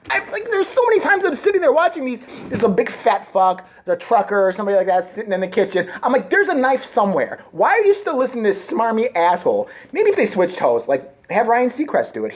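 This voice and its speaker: A woman's voice: on the high side, very animated, fairly quick. A woman vlogger delivering a crude, sarcastic comedic rant. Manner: crude, sarcastic, swings into mocking voices.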